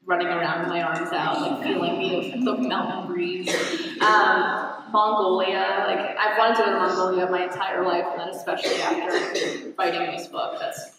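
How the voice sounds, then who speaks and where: A woman being interviewed as an author at a live book event, rambling and laughing in casual chat. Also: fairly low pitch. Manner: rambling, full of "like", laughing often. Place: large hall at a live event. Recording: echoey hall, from far off, background noise.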